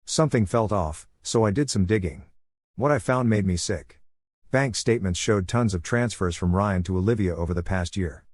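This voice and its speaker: Calm man with a husky low voice. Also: moderate pace, no room sound, clean studio sound. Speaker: story narrator. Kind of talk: first-person story narration.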